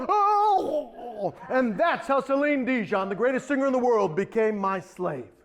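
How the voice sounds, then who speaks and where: Man, solo theatre comedian, high voice, lively swoops, campy storytelling. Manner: campy, animated. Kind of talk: comic storytelling monologue.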